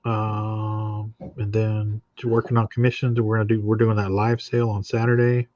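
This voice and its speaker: Guy with a lowish voice rambling about his art, um-ing a lot, dull dry stream audio. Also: normal speed, no room sound. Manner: relaxed, rambling with many fillers. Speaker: comic artist guest. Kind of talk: casual chat on a live stream.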